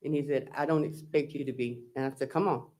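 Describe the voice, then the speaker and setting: A man's voice: mid-range voice, steady tone, brisk, a little mellow. A man testifying as a trial witness, recounting text messages and quoting what was said. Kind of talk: courtroom testimony.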